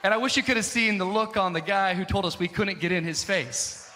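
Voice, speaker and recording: A man preaching to a live congregation, telling a story and doing quick voices for the people in it, rising to shouts. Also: high-pitched, a little hiss or hum. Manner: animated, quotes others in put-on voices, builds to shouting. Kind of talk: storytelling sermon. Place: church auditorium. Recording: live hall with long reverb and crowd.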